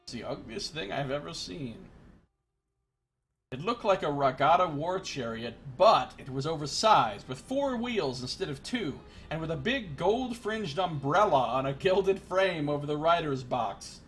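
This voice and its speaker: A man's voice: fairly high pitch, animated, a little slow, a bit bright, soft background music. A man streaming a game, reading its story aloud with wry asides. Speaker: let's play streamer.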